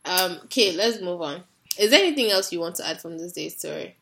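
A woman's voice: fairly low pitch, lively intonation, a little fast, gravelly, fairly bright tone, a little hiss or hum. A young woman co-hosting a podcast, chatting casually about a TV show in laid-back, slangy banter and laughing a lot. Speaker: podcast co-host. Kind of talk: casual chat recapping a TV show.

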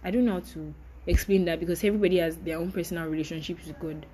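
Young woman, solo podcast host; candid and chatty, warm low tone. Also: fairly even intonation, racing, slight background noise, low-quality recording. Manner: candid, chatty, apologetic, with light laughs. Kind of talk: casual solo podcast monologue.

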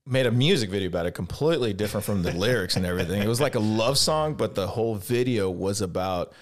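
A man's voice: fairly low pitch, lively intonation, fast. A man hosting a podcast, chatting casually with plenty of swearing and joking reactions. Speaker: podcast host. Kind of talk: casual chat.

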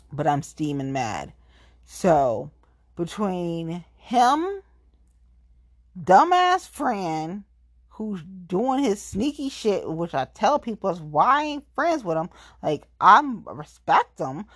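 A woman venting in a casual, profane monologue, with sudden jumps up in pitch when she gets heated. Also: no room sound, clean studio sound.

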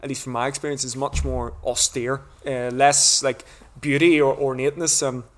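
A man's voice: mid-range voice, flat delivery, moderate pace. A man from Northern Ireland with a Northern Irish accent, a podcast guest chatting casually and explaining things in a rambling, lecturing way. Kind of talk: casual conversation.

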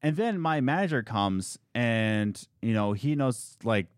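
A man's voice: medium pitch, measured pace, clean tone, dry recording. Sarcastic guy ranting about a customer, voice jumps all over, dry close sound. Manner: animated, sarcastic, quotes people in put-on voices. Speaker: restaurant worker telling a story. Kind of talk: casual storytelling chat.

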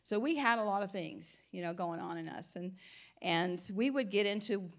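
Her voice is mid-range with lively intonation and a normal speed. She's a Christian speaker from the American South with a slight twang, teaching informally in a chatty way, frequently laughing and restarting phrases.

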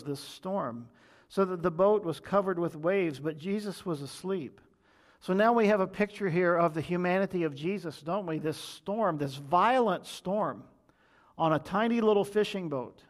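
A man preaching a sermon and pastoring his listeners. He explains a scripture passage and keeps asking them rhetorical questions. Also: on the high side.

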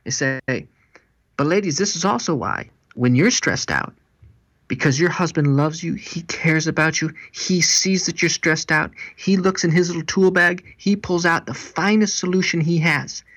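A pastor and marriage seminar speaker, an animated storyteller who acts out the people he quotes. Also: a little high, moderate pace. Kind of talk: interview guest.

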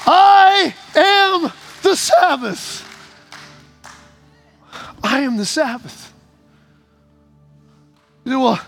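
Male pastor, very high voice, emphatic sermon delivery, faint music behind. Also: a bit bright. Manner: emphatic, repeating phrases, stammering restarts.

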